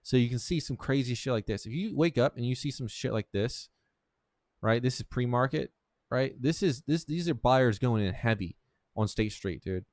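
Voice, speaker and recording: A man's voice: mid-range voice, animated, normal speed, a little mellow, no echo. A young man teaching trading over a screen share, blunt and profane, calling the listener "dude", often restarting sentences. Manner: blunt, profane, keeps saying "dude" and "right?"; restarts and repeats words often. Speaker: trading instructor. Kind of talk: casual screen-share tutorial.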